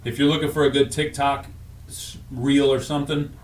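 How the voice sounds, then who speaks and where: A man's voice: medium pitch, level tone, moderate pace, roomy sound, recorded from a distance. A man co-hosting a radio show, chatting casually, rambling and correcting himself as he goes. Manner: rambling, self-correcting, laughs at own jokes. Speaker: radio co-host. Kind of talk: casual morning radio banter.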